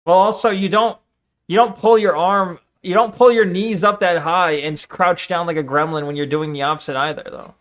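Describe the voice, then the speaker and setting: Casting note male streamer, slightly high voice, casual rambling reaction chat. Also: fairly even intonation, normal speed, a bit bright. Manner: rambling, many fillers and restarts.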